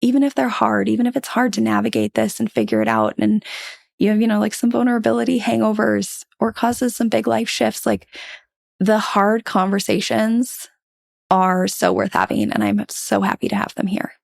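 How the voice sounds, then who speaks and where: A woman's voice: mid-range voice, animated, moderate pace, vocal fry, no echo, clean studio sound. A woman hosting a podcast, talking in an earnest, reflective and upbeat way. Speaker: podcast host. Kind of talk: casual podcast chat and outro.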